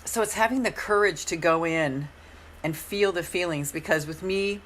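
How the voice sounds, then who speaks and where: A middle-aged woman hosting a live coaching stream, speaking in a gentle, encouraging way with a hoarse voice and often repeating her phrases. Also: lowish voice, normal speed, a little hiss or hum.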